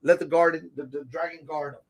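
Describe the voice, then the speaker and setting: A man hosting a casual gaming-store segment, chatty and excitable as he shows off products, with frequent asides, recorded inside a comic and game shop. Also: a little high, brisk. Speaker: host of a tabletop gaming segment.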